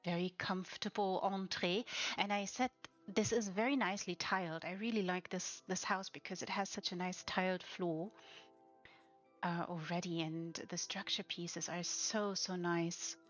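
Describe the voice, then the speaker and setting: A woman streaming a tour of player-built houses, gushing with breathy exclamations and soft whispers between her remarks. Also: on the low side, fairly even intonation, normal speed. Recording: slightly dull lo-fi sound with faint music behind.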